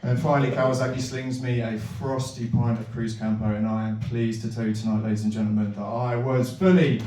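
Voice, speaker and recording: A man performing stand-up comedy, telling a long absurd story with deadpan build-ups and loud punchlines. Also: medium pitch, a little fast, recorded from a distance. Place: comedy venue with live audience. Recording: echoey room miked from afar.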